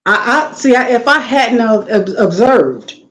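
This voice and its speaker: Animated middle-aged woman telling stories. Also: a little high, measured pace, a crowd in the background, rough recording. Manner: animated, acts out quotes, laughs often. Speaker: guest. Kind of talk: casual storytelling interview.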